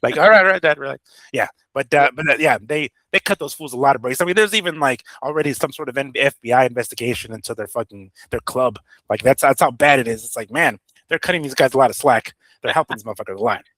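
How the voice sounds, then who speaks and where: A man's voice: mid-range voice, fast talker, a bit bright, no echo. A man co-hosting a boxing show, talking loosely and profanely with many fillers. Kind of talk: casual podcast chat.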